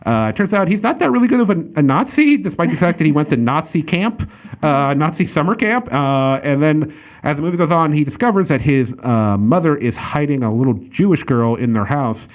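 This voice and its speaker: A man's voice: a little high, very animated, fairly quick. A man hosting a casual podcast, reviewing a movie in a rambling way with lots of fillers and restarts. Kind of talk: casual chat.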